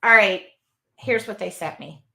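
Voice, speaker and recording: A woman's voice: mid-range voice, a little slow, creaky, bright, forceful tone. A woman hosting a casual live unboxing from her art studio, chatty and rambling as she reads out viewer comments. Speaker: craft video host.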